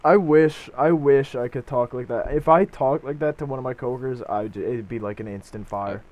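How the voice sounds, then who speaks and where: A young man co-hosting a podcast in casual chat, relaxed and laughing along with short replies. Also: mid-range voice, a little fast. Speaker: podcast co-host.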